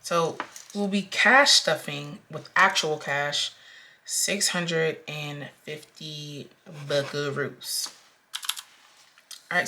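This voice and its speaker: Young female vlogger, low and unhurried, chatty, with frequent ums. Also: pushed and bright, slight background noise. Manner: slow, chatty, with frequent ums and counting aloud. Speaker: budgeting vlogger. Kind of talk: casual talk-through while cash stuffing.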